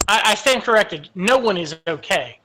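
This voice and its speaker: A woman's voice: mid-range voice, expressive, moderate pace, sharp tone, a little hiss or hum. A woman running a tabletop game as game master, narrating monster attacks with hesitant fillers. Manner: descriptive, hesitant with many fillers.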